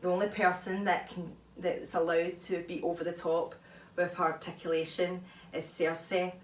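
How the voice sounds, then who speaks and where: A woman vlogger talking through advice in a chatty, animated way, often laughing, recorded at home. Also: on the low side, moderate pace, slight background noise. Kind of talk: casual advice talk. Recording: echoey room, mic far off.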